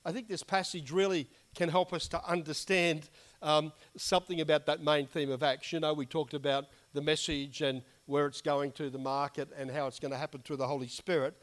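A man's voice: fairly high pitch, flat delivery, fairly quick, a bit bright. A man preaching a conversational, earnest sermon while losing his voice. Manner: earnest, conversational preaching with frequent "you know". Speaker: pastor.

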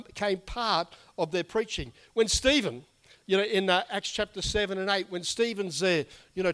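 A man's voice: high-pitched, a bit bright. A man preaching a conversational, earnest sermon while losing his voice. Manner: earnest, conversational preaching with frequent "you know". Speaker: pastor.

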